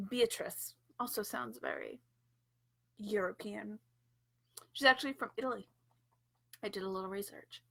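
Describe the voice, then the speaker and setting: A woman's voice: on the high side, vocal fry, fairly bright tone, breathy edge. A woman hosting a storytime livestream, chatting casually with playful, giggly asides. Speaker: storytime host.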